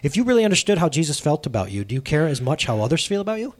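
Animated man in his thirties preaching. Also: fairly high pitch, racing. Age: 30s. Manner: lively, animated, plays out quoted dialogue. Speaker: pastor. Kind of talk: sermon with storytelling. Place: church sanctuary.

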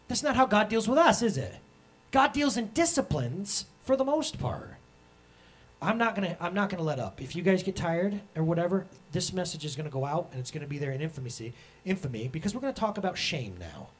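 A man in his thirties preaching a sermon as pastor, animated and acting out the voices he quotes. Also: high voice, a little fast, slightly rough.

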